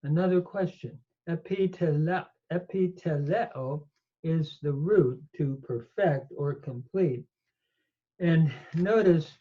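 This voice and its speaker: Man, bible teacher, slow greek grammar lesson, slightly high voice, dull lo-fi sound. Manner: slow, methodical explanation with fillers.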